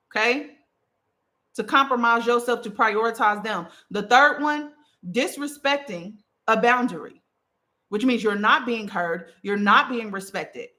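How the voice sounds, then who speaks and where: A woman coaching on communication in a casual teaching talk, emphatic and animated, checking in with the listener after nearly every point. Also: fairly high pitch. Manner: emphatic, checks in with "okay?" and "right?"; animated, punchy delivery.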